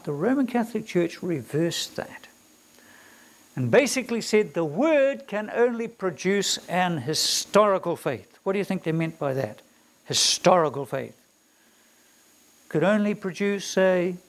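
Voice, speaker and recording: A man with a New Zealand accent giving a theology lecture to students, emphatic and fond of rhetorical questions. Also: high-pitched. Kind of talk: classroom lecture.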